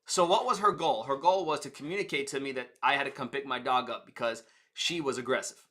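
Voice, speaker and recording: A man's voice: mid-range voice, fairly quick, a bit bright. A man teaching communication and sales in a conversational way, explaining with stories and examples. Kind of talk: teaching talk to camera.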